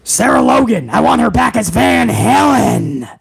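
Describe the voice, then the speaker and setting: A blustering older man who runs the show, shouting demands at his underling — a man hamming up the impression. His voice leaps up and down as he barks insults. The delivery is loud and domineering. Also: extremely high pitch, very animated, unhurried, creaky, husky, exaggerated voice. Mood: ranting. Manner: shouting, barking orders, insulting. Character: blustering old male wrestling boss, bossy.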